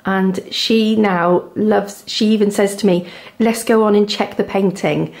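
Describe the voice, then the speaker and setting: Devon woman, thirties, chatty knitting vlogger at home; unhurried delivery with some vocal fry. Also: medium pitch, steady tone. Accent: Devon English. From England. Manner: chatty, gushing over yarn, soft asides. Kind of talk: casual chat to camera. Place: home, indoors.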